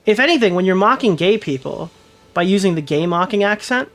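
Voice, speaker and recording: A man casually commentating on his livestream, rambling excitably with lots of swearing. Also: high voice, brisk.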